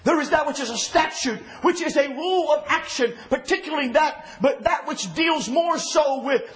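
A man preaching a sermon in an impassioned way, often shouting and then dropping low and quiet. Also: moderate pace.

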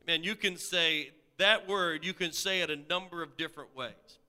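A man preaching a sermon, reading scripture and repeating amen often, building from quiet talk to loud shouted pleading. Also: on the high side, normal speed, smooth.

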